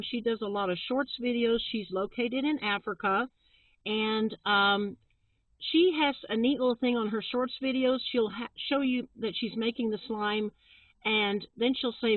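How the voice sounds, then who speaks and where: A chatty, friendly middle-aged woman co-hosting a casual talk, her voice pitched fairly high. The sound is tinny and phone-like, with a dry, close feel. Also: normal speed, dry recording. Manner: chatty, friendly, laughs often. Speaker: channel co-host. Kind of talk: casual chat recommending channels.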